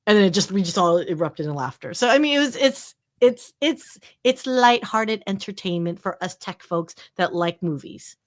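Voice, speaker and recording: A woman's voice: mid-range voice, expressive, normal speed, hardly any pauses. Chatty playful woman guest. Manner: playful, chatty, laughs easily. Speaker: guest, tech show host. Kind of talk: casual live-stream chat.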